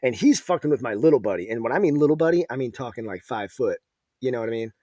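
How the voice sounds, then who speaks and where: A man's voice: mid-range voice, lively intonation, fast talker, dark tone, no echo. A man hosting a podcast, telling a rambling, profane story in casual chat. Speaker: podcast host.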